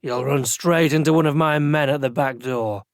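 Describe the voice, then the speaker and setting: A man voicing a blunt, practical male watch captain in an audiobook, slow and deliberate. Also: a little high, no room sound, clean studio sound, natural voice. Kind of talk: audiobook character voice.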